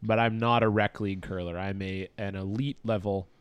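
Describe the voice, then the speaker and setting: A man's voice: lowish voice, fairly even intonation, brisk, clean tone, no room sound. A Canadian man co-hosting a podcast, sarcastic and mock-indignant in casual banter. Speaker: podcast co-host.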